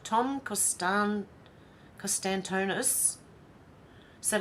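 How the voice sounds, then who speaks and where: A woman's voice: fairly low pitch, lively intonation, a little slow, pauses often, a bit bright, a little hiss or hum. Chatty Australian woman vlogger. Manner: chatty and wry, with sighs and asides. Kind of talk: casual commentary reading social media posts aloud.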